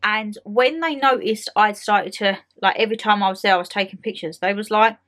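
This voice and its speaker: A young woman with an Essex accent chatting to camera as a vlogger, telling a story in a lively way and acting out the people in it. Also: medium pitch, brisk. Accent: Essex English. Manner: chatty, animated storytelling with acted quotes. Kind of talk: casual chat to camera. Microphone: handheld phone camera.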